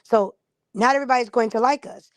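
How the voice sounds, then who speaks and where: A woman's voice: fairly high pitch, quick pace, no echo. A woman streamer in a casual live-stream monologue, blunt and profane, acting out the people she quotes.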